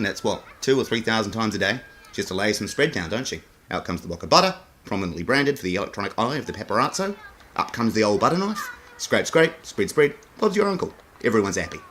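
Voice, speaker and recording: Brash man, sarcastic rambling monologue, lively pitch, faint hiss. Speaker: comedy sketch performer. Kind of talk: comic monologue.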